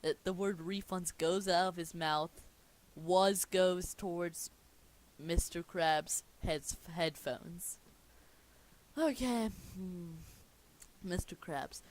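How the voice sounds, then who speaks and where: A young man with a fairly high, steady voice reads a cartoon movie script aloud slowly, just for laughs. He keeps stumbling, restarting, and breaking off to comment on the text, clearly amused by the whole comedic read-through.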